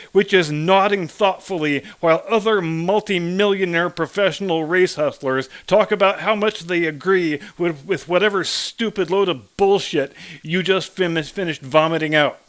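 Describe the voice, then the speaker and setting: Guy ranting solo on his commentary channel, sarcastic and mocking, kinda high voice. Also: moderate pace, few pauses, fairly bright tone. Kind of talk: scripted commentary monologue.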